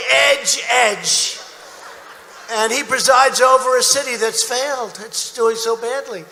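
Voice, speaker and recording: In a big indoor arena full of echo and crowd noise, a man speaks at a rally with an extremely high, sharp-toned voice. He's a candidate whose speech is boastful, repetitive, and peppered with mockery, while the crowd cheers behind him.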